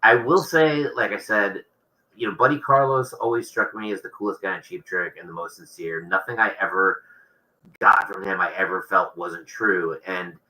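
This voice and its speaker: A man's voice: deep voice, normal speed, pushed and bright, low-quality recording. A man, an author being interviewed, talking casually and rambling with many restarts.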